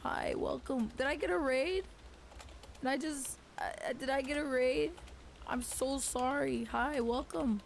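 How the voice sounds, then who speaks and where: A woman streaming a game, hoarse with a failing voice, greeting viewers in a bubbly, flustered way. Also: high-pitched, a little slow, slight background noise, low-quality recording. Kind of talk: live gaming stream chat.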